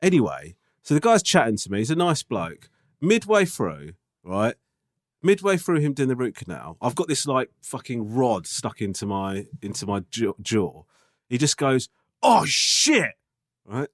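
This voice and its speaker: A man's voice: medium pitch, very animated, moderate pace, dry recording, studio quality. A man co-hosting a casual podcast, telling a story, swearing and laughing often. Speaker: podcast co-host.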